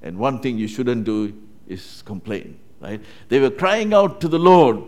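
This man preaches in a conversational style, regularly checking in with his listeners through tag questions. His medium-pitched voice is expressive and unhurried, with a darkish tone.

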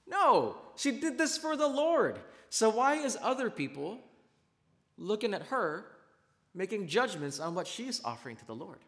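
Animated male pastor in a reverberant hall. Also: sits high. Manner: conversational, animated preaching with rhetorical questions. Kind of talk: sermon. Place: church sanctuary.

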